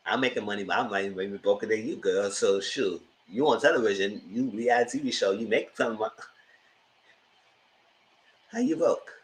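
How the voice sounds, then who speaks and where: A man hosting a live TV review, giving sassy, animated commentary straight to his viewers. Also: fairly low pitch, moderate pace, long pauses, low-quality recording. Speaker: TV review host.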